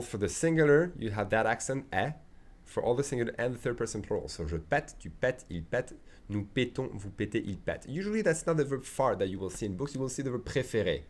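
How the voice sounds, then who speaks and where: Low-voiced man teaching casually. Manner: relaxed, joking, many fillers and restarts. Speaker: French teacher. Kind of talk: casual spoken lesson.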